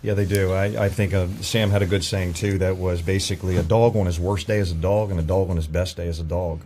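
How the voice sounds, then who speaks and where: Man, police K9 trainer, lowish dark voice, frank, stammers and restarts, swears now and then. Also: fairly even intonation, fast talker, a little hiss or hum. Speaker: police K9 handler and trainer, guest. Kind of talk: casual podcast conversation.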